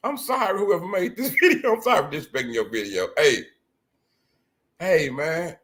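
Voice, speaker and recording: Animated man hosting a live stream. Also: fairly high pitch, moderate pace. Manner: loud, crude, animated banter with viewers. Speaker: livestream host. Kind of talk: live reaction stream chat.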